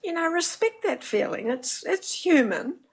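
A woman's voice: extremely high pitch, big pitch swings, normal speed, rough recording. An older woman hosting a casual chat, frank and wry, poking fun at herself. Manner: frank, wry and self-mocking.

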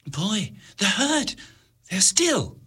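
A man's voice: sits high, sing-song, extremely slow, pushed and bright, husky, pitched above the performer's own voice, heavily acted. A man voicing a concerned young woman who asks anxious questions.

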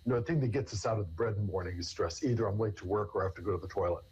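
Husky man explaining earnestly. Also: on the low side, rapid-fire, darkish tone, lo-fi sound. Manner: earnest, explains with everyday examples. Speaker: therapist guest. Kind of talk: conversational interview answers.

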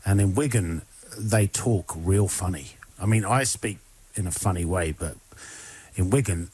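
A man's voice: sits low, a little slow, a little mellow, breathy edge. A male radio DJ chatting casually between songs, rambling and often interrupting himself.

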